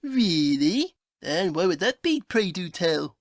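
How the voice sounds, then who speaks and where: A woman's voice: fairly low pitch, big pitch swings, slow pace, no echo, heavily acted. Prim fussy detective guy played by a woman, bouncy voice, dry close sound, comedy audio play. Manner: formal, fussy, scolding. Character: Sherlock Holmes, prim and haughty male detective.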